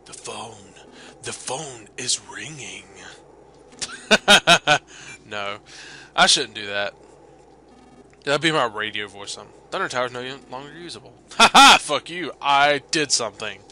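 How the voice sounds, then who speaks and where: A young man commenting on a video game as a let's play host, with loud outbursts, laughter and plenty of swearing. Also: mid-range voice, lively intonation, unhurried, a little hiss or hum. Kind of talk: gaming commentary.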